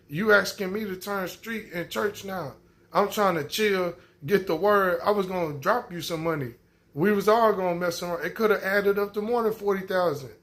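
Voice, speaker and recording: A man riffing in casual commentary on his own channel, his voice sitting a little above the usual male pitch. He talks bluntly and loops back over the same points. He cusses freely in open exasperation. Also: fairly bright tone. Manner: repetitive, blunt, cussing and exasperated.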